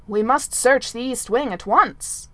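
A woman reading aloud, voicing a pompous male knight who speaks slowly and formally. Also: on the high side, no room sound, natural voice. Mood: commanding. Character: pompous male knight giving a long speech.

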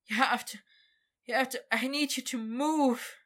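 A woman's voice: sits high, unhurried, fairly bright tone, pitched above the performer's own voice. A woman doing a pleading, breathless young man. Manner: urgent, begging, stammering.

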